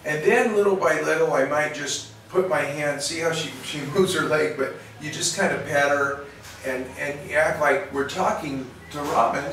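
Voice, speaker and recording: A man's voice: a little high, normal speed, a bit bright. A man, a veterinarian, explaining and demonstrating in a folksy, rambling way full of restarts, recorded in a clinic exam room. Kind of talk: instructional demonstration. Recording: roomy, distant, faint noise.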